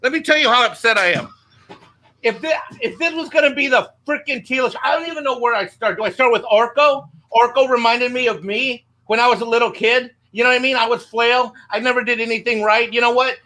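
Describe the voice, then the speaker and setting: A man's voice: very high-pitched, brisk, bright, forceful tone. A man on a panel show giving a heated, swearing fan rant, repeating himself a lot, a bit tipsy from drinking. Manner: angry, swearing, repeats "you know what".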